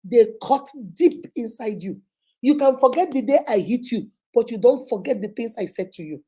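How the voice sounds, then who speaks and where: A woman's voice: on the high side, animated, moderate pace, warm tone, slightly rough. A woman with a Nigerian accent giving emphatic, repetitive relationship advice to her viewers. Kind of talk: motivational talk to viewers.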